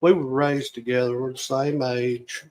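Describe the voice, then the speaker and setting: A man's voice: medium pitch, little pitch movement, normal speed, a little mellow, low-quality recording. Folksy man in his fifties. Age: 50s. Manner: rambling, folksy storyteller. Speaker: guest. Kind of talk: storytelling in casual radio chat. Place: radio studio on location.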